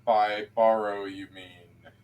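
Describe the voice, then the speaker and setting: A man's voice: lowish voice, level tone, takes it slowly, darkish tone, far from the mic. A man doing a dry, skeptical shopkeeper. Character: slender wary male shopkeeper.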